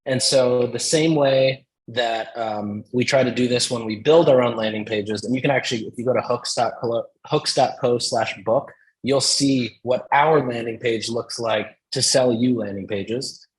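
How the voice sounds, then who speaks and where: A man explains his business approach as a podcast guest, leaning on vivid examples. His voice sits at a middle pitch, and his manner is conversational and animated. He comes through a video call. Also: moderate pace, rough recording. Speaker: podcast guest, company founder. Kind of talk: casual explanatory chat.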